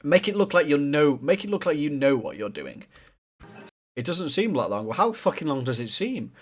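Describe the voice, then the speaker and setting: A man's voice: on the high side, big pitch swings, moderate pace. A man hosting a reaction video, talking bluntly and swearing often as he critiques what he watches. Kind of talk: casual reaction commentary.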